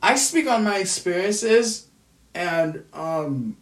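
A man's high voice comes across animated yet slow as this vlogger rants in frustration to the camera, cursing and often repeating himself. He's far from the microphone in an echoing room.

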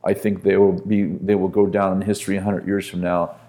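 A man's voice: sits low, level tone, fairly quick, mellow. A man speaking as a guest minister on a podcast, telling a story earnestly and with conviction.

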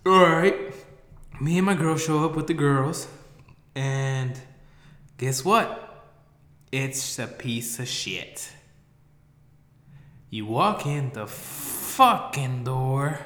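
A man telling a rambling, profane story, blunt and swinging between loud outbursts and low mutters. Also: lively intonation, very slow, pauses often, echoey room.

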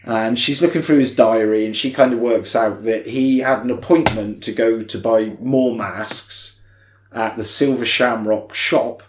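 A man in casual podcast conversation, walking through a film's story in an easy, rambling way. His voice sits at an ordinary middle pitch. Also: steady tone, measured pace, background noise. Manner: chatty, retells scenes in quoted voices. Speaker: podcast co-host. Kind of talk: casual film-review chat.

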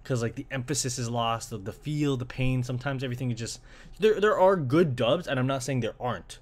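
A man's voice: mid-range voice, a little fast, darkish tone. Swearing young man ranting casually. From Canada. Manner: swearing, filler-heavy, mocking put-on voices. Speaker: anime fan. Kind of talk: casual rant.

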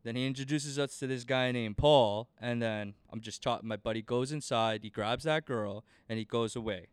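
A young Canadian man spins a rambling story in casual chat, full of slang and quoted lines. His voice is smooth and resonant. The sound is dry and close, with no room echo. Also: mid-range voice, moderate pace.

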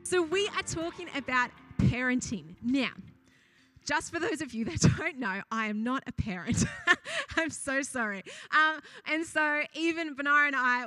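A woman's voice: sits high, expressive, a little slow, pushed and bright, no echo, soft background music. A young woman giving a casual sermon at church, chatty and giggly, often breaking off to laugh and reading funny stories to the congregation. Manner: reads funny anecdotes aloud to the congregation. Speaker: church speaker.

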